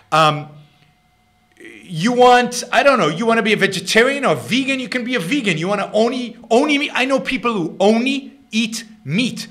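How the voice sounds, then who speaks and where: A man's voice: high voice, a bit bright. A middle-aged man with an Israeli accent hosting his own show, answering listener questions in emphatic, unscripted commentary full of repeats and restarts.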